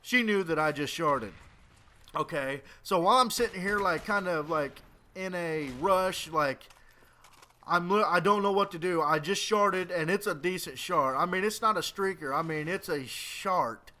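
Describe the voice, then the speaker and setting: High-voiced profane young man rambling. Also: normal speed, sharp tone. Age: 20s. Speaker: gaming commentator. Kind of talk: casual storytelling over gameplay.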